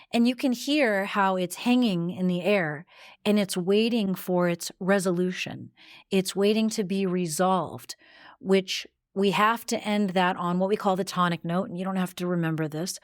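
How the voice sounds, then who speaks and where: A woman voice coach teaching a podcast lesson in a gentle, reflective way. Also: medium pitch, clear, resonant tone, no echo, studio quality.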